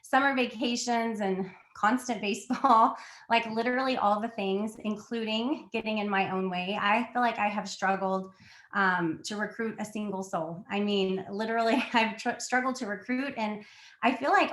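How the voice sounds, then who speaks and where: A woman's voice: mid-range voice, normal speed, fairly bright tone. A woman in her thirties, sick and slightly out of breath, giving a candid, chatty motivational talk to her team on a video call, laughing often. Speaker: team leader on a sales call. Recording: echoey room.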